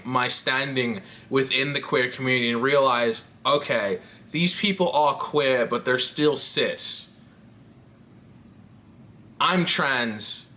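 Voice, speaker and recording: Trans woman vlogger, bright, lively and candid, laughs a lot. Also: sits low. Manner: candid, rambling, laughs often, swears casually. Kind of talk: casual confessional chat to camera.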